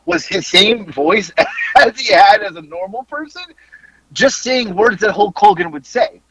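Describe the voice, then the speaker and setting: A man's voice: high-pitched, measured pace, low-quality recording. A man hosting a podcast, telling a story in a casual chat. He swears freely and keeps breaking into laughter. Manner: animated, profane, laughing through his story. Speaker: podcast host.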